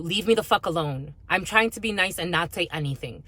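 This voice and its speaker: A woman's voice: lowish voice, expressive, a little fast, noisy background. A woman giving an intuitive spiritual reading to her viewers, blunt and heavily profane as she rants. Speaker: spiritual reader.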